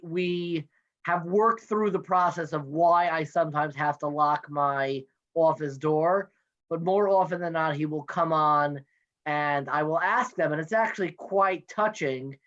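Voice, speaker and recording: A man's voice: a little high, a bit bright. Man, 30s, playful chatty guest, video call from home office, dull lo-fi sound. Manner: chatty, playful, quick with jokes. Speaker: guest, NCSY education director. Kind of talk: casual interview chat.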